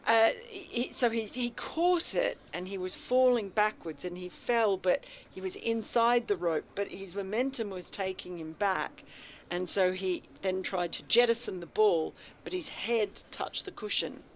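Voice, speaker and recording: A woman's voice: medium pitch, measured pace, few pauses, a little hiss or hum. A woman doing radio cricket commentary in a chatty way, lifting her energy when a shot races toward the boundary. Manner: chatty, rises in energy on big shots. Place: commentary box at a cricket ground.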